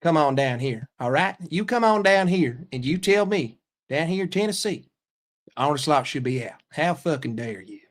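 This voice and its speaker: A man acting out a brash, boastful Southern American good ol' boy with a thick put-on drawl, picking fights and swearing freely. He swaggers through every line in a slightly high, pushy voice. It is a comedic livestream bit. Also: expressive, normal speed, lightly acted. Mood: swaggering. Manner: swaggering, profane, confrontational. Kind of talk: comic impression on a livestream.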